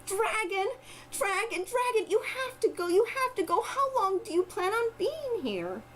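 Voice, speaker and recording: A woman voicing a brave little village girl who pleads and shouts. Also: very high voice, sing-song, measured pace, slight background noise, voice pushed up, exaggerated voice. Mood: shouting.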